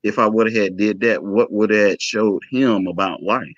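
A man whose voice sits on the low side, at a moderate pace, tells an emotional personal story as an interview guest and acts out the dialogue animatedly. Dull lo-fi, dry audio with no echo.

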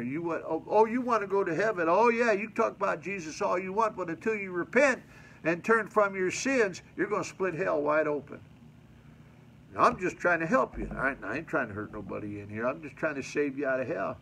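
A man's voice: high-pitched, animated, normal speed, vocal fry, pushed and bright, a little hiss or hum, low-quality recording. A male pastor preaching a sermon at a mission church, reading scripture and adding folksy, colloquial commentary to his congregation.

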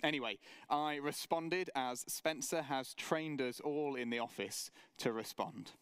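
A man preaching a sermon for an online church service, measured and earnest, with story-telling asides. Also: mid-range voice, fairly bright tone, clear, resonant tone, dry recording. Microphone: camera mic, online service.

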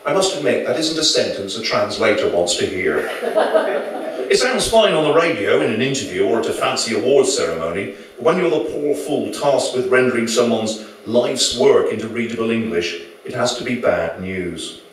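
A man's voice: medium pitch, animated, normal speed, a little hiss or hum. A male author reading his novel aloud to an audience at a live venue, with dry, wry storytelling. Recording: very echoey room, mic far off.

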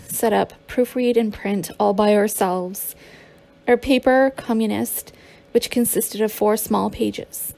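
A woman's voice: medium pitch, vocal fry, mellow. A woman narrating a memoir as an audiobook, with occasional stumbles and restarts.

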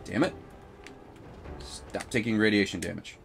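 A man with a sick voice giving casual, excitable commentary over his gameplay, swearing and shrieking high-pitched battle cries. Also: unhurried, creaky, faint music behind. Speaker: gaming video host.

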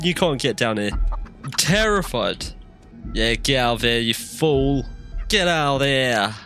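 A man's voice: mid-range voice, lively intonation, unhurried, sharp tone, soft background music. A young man giving jittery let's play commentary on a horror game, shrieking when scared. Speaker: gamer.

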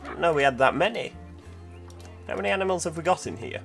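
A man's voice: on the high side, lively intonation, fast, creaky. Chatty man narrating his gameplay. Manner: chatty, thinking aloud with fillers. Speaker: gameplay video host. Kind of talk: casual let's-play commentary. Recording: quiet background music.

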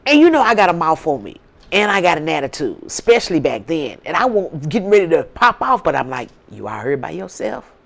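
A woman's voice: fairly low pitch, very animated, fairly quick, gravelly. A woman with a St. telling a story in casual talk, blunt and swearing freely. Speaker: vlogger.

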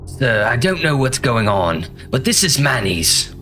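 A man's voice: mid-range voice, big pitch swings, measured pace, sharp tone, soft background music, pitched above the performer's own voice. A man voicing a sinister, overly polite restaurant host in a put-on British accent. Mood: creepily polite.

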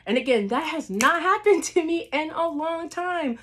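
A woman hosting her own wrestling channel, giving a casual reaction recap, gushing and excitable, full of fillers and little laughs. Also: sits high, moderate pace, slight background noise. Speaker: wrestling video host.

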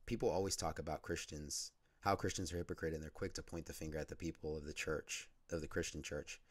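A man with a hoarse voice from a cold, talking loosely with many fillers and praying aloud. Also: very deep voice, little pitch movement, fast. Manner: unscripted, rambling, many fillers. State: lost voice from a cold. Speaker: Christian vlogger. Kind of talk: casual talk and spoken prayer.

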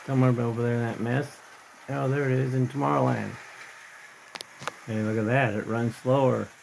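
A man with a mid-range voice talks casually into a webcam at home. He rambles and thinks out loud as he works on his hobby. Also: medium pitch, fairly even intonation, moderate pace, gravelly, background noise. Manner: rambling, talks to himself while tinkering. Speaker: hobbyist vlogger. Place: home hobby room with model train layout.

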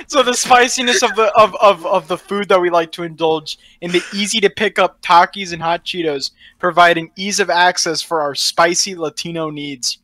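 A man's voice: high-pitched, fairly even intonation, moderate pace, few pauses, sharp tone, no echo. A man playing a contestant in a joking group chat, making a mock-formal argument, laughing and stumbling over his words.

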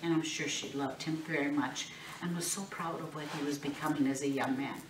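A woman's voice: sits low, fairly even intonation, brisk, slight background noise. A woman telling a Bible story to children, acting out the voices and asking the children questions. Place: classroom or church room. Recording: echoey room, recorded from a distance.

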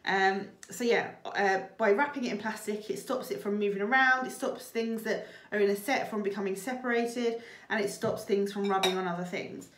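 A woman with a husky voice, chatting casually and showing how she packs her stock, with plenty of ums and likes. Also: mid-range voice, fairly even intonation, normal speed, few pauses, a bit bright, reverberant. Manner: chatty, fillers like um and like. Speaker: reseller vlogger. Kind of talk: casual chat and demonstration.

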